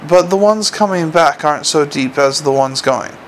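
A man voicing a nervous, clever male dwarf watchman who asks quick, fretful questions. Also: a little high, slight background noise, lightly acted, poor audio. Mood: uneasy.

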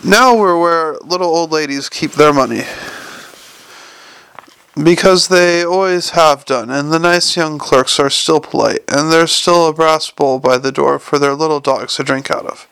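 A sharp, imperious old lady, put on by a male audiobook narrator, pitched well up from his own voice, with a gravelly edge. She talks in a dry, cynical and snappish way. The room sounds dry and close. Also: a little slow, no room sound. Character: sharp-tongued wealthy old woman bank owner.

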